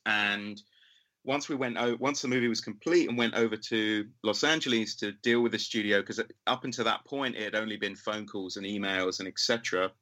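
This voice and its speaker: A man's voice: lowish voice, steady tone, a little fast, bright, forceful tone, low-quality recording. A man in his thirties with a London accent, a film director telling a long story in a casual, rambling interview. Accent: London English. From England. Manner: chatty, rambling, full of fillers and acted-out quotes.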